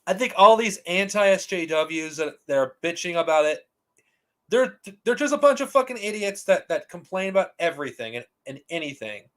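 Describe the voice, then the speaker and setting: Man, high-pitched voice, heated profane rant, stumbling restarts, commentary host. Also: sing-song, normal speed. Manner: heated, profane, repeats himself and restarts often. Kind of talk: ranting commentary.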